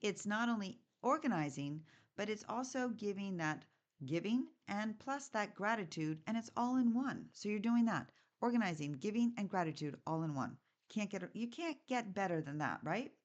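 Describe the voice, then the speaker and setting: A woman's voice: mid-range voice, moderate pace, muffled recording. A middle-aged woman hosting a podcast as a home organizer, talking casually and putting direct questions to her listeners. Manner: chatty, lively, asks listeners direct questions. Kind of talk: casual solo podcast talk.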